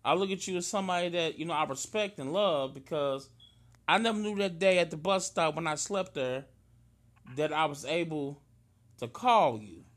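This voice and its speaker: A tearful man with a high, bright voice tells a story from the heart. His talk is slangy, casual and earnest. He sounds close to crying. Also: animated, moderate pace. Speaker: friend in conversation.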